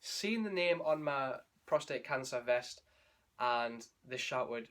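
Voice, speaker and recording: A man's voice: medium pitch, expressive, slow pace, fairly bright tone. A young man, a running vlogger telling his race story in a candid, emotional, rambling way with restarts. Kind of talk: candid spoken race recap.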